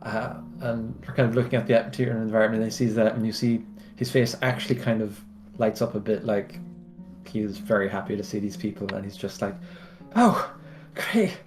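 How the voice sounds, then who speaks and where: A man's voice: fairly low pitch, flat delivery, quick pace, music in the background. A man playing his character in a tabletop game, narrating actions with a friendly manner. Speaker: player.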